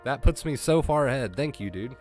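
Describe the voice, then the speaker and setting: A man's voice: medium pitch, expressive, brisk, a little mellow, faint music behind. A man streaming live, chatting casually and thanking viewers with effusive emotion, his voice breaking at times. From US East Coast.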